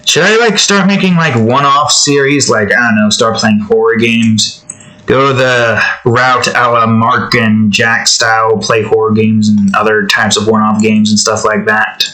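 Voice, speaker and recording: A man's voice: on the low side, fairly even intonation, measured pace, sharp tone, low-quality recording. Rambling young man chatting while drawing. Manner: rambling, joking, self-interrupting, sings snatches off-key. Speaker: art streamer. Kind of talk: casual chat while drawing.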